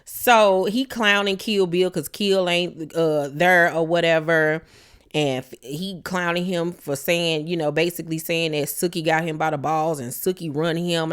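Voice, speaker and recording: A woman's voice: deep voice, fairly even intonation, measured pace, clear, resonant tone. A woman casually recapping a reality show, blunt and profane, slipping into quoted voices as she retells scenes.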